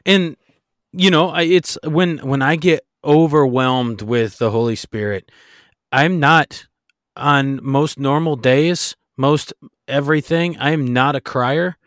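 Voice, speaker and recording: A man's voice: on the high side, takes it slowly, dry recording, studio quality. A man co-hosting a faith-based podcast, talking in an earnest, exhorting way with frequent restarts. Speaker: podcast co-host.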